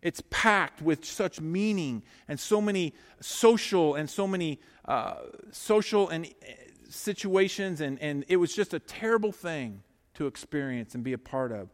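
A man preaching a sermon, swinging between hushed, slow lines and loud, urgent ones. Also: a little high, expressive, in a large hall.

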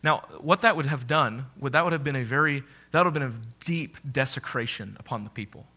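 A man's voice: a little fast, bright, forceful tone. A man preaching a sermon as pastor, earnest, often restarting phrases and rising in force when he acts out what doubters say. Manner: earnest, repeats words when restarting, rises in pitch and force when quoting doubters.

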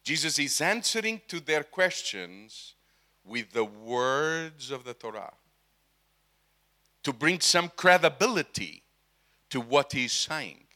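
Slow, bright-voiced male preacher. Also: on the high side, big pitch swings. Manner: asks the audience questions, emphatic. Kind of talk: sermon.

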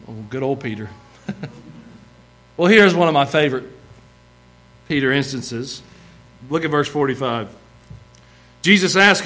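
A man with a lilt delivers a sermon in a folksy, lively way. His voice sits a little high for a man, and he slips into playful acted-out asides as he preaches. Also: moderate pace, long pauses. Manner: folksy, animated, acts out bits of the story.

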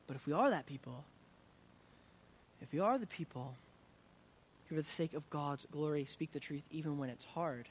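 A man preaching a sermon as pastor, earnest, rising in intensity and then dropping soft to pray. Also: on the high side, normal speed, long pauses, husky.

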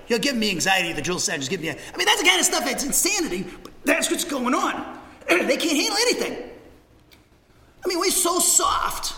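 Guy preaching a sermon, high sharp voice, all over the place pitch-wise, big echoey church. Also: normal speed. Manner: animated, swings from shouting to hushed asides. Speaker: pastor. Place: church sanctuary. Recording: reverberant church sanctuary.

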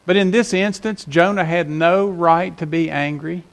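A man's voice: on the high side, normal speed, gravelly. A man preaching a Sunday sermon to his congregation, conversational and rising in emphasis on key points. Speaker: pastor.

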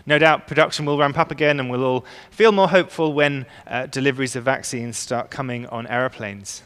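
A man preaching a sermon as pastor, earnest and emphatic, slowing down to stress key words. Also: mid-range voice, a bit bright, clear, resonant tone. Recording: long reverb of a large hall.

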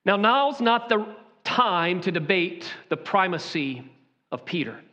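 A man preaching a sermon to his congregation with a Southern accent, emphatic and full of dramatic pauses. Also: sits high, sing-song, pushed and bright, highs cut off. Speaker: pastor. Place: church sanctuary.

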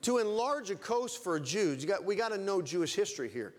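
A man preaches fervently from the pulpit, his fairly high voice swinging up and down for emphasis. The sound trails off in the long reverb of a church sanctuary. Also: very animated, fairly quick. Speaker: pastor. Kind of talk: sermon.

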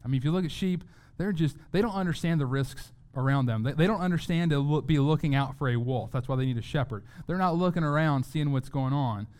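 Male pastor, sermon delivery, smooth resonant voice, earnest, repeats words for emphasis. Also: on the high side, fast talker, few pauses, a little mellow. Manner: earnest, repeats words when stressing a point.

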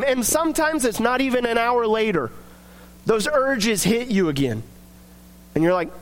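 Male preacher with a very high voice, earnest, reads verses then talks them through. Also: lively intonation, normal speed. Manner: reads scripture aloud, then speaks plainly and earnestly. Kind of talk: sermon.

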